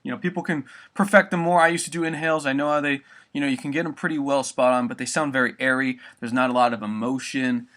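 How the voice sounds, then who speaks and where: A young man explains a vocal technique in a loose, rambling way, dropping swear words as he goes. His voice is bright and forward, sitting at an ordinary pitch for a man. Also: fairly even intonation, fast, hardly any pauses. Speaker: vocal tutor. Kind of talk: casual spoken tutorial.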